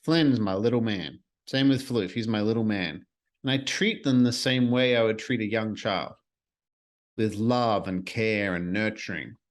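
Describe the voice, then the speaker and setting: A man's voice: lowish voice, a little slow. A man hosting a solo podcast, talking earnestly and reflectively in a casual way, with the odd swear word. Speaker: podcast host.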